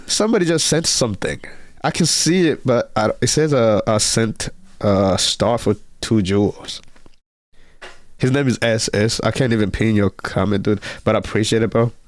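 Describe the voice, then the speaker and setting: A man's voice: on the low side, no echo. A young man hosting a casual livestream, rambling and repeating himself as he reads viewer comments aloud. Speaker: livestream host.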